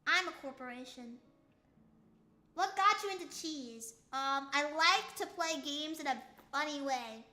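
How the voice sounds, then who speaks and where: A woman's voice: sits high, unhurried, sharp tone. A young woman streaming casually, rambling playfully and stumbling over tongue twisters, with a slight lisp on her S sounds. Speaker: VTuber streamer. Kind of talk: casual live-stream chat reading chat.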